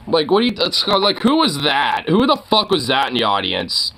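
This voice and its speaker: A man riffs through a casual reaction commentary, rambling and heated, tripping over fillers and restarts. His voice is bright and forceful. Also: on the high side, wildly swooping pitch, normal speed, hardly any pauses, slight background noise.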